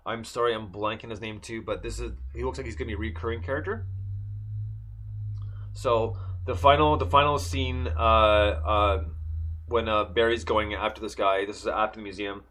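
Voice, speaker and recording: A man with a fairly low voice talks through a TV episode in loose podcast chat. He rambles, fills gaps with "like" and "uh", and restarts his sentences often. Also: steady tone, moderate pace, fairly bright tone, a little hiss or hum. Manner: rambling, many fillers and restarts. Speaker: podcast co-host. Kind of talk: casual chat recapping a TV episode.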